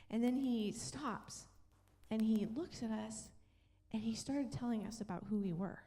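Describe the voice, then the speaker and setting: Animated woman pastor preaching in a reverberant church. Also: on the high side, measured pace. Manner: animated storytelling, acting out voices. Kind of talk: sermon storytelling. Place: church sanctuary. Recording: long church hall reverb.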